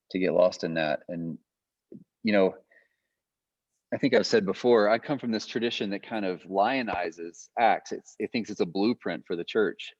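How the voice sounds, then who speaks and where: A man's voice: low voice, dry recording. A man giving a guest lecture in a loose, conversational way, thinking aloud with frequent fillers. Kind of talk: conversational teaching. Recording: muffled lo-fi audio.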